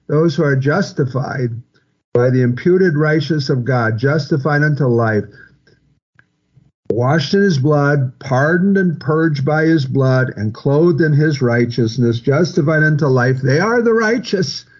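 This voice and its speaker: A man preaching a sermon, quoting and repeating scripture in a measured, earnest way. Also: on the high side, darkish tone, dull audio. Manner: slow, repetitive preaching with scripture quotes.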